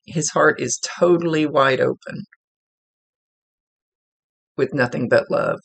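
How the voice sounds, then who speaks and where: A man's voice: on the high side, slow, gravelly, fairly bright tone, breathy edge. A man working as a psychic medium, talking casually and rambling as he relays messages aloud. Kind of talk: casual spirit reading.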